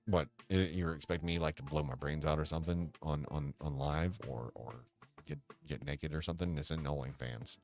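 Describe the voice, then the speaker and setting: A man hosting a casual livestream chat, rambling and hesitant, with many restarts, sighs and quiet mumbles. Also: rumbling low, moderate pace, faint music behind. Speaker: livestream host.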